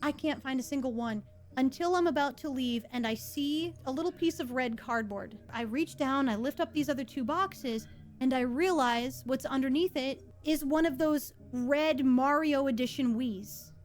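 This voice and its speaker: A woman narrating a first-person work story in a lively way, with small stumbles. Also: high-pitched, normal speed.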